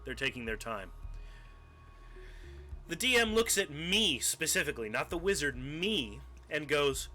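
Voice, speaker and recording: A young man streaming live, casually telling a tabletop game story, animated and profane, acting out scenes as he goes. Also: on the high side, unhurried, pauses often. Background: faint music.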